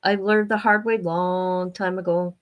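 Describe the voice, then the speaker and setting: A woman's voice: on the low side, steady tone, a little slow. Rambling middle-aged woman streamer. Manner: rambling, blunt, chatty. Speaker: livestream host. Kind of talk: casual livestream chat.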